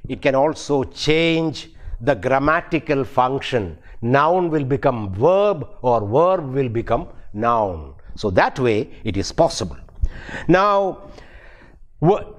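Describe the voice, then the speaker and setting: An older man, teaching a university pronunciation lecture, repeating and spelling out words to show their stress. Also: a little high. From India. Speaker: university English professor.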